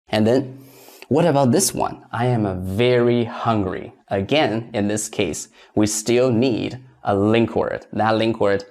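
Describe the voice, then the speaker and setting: A man teaching a grammar lesson in English, explaining step by step and slowly repeating each example sentence twice. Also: on the low side, a little mellow. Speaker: Chinese language teacher.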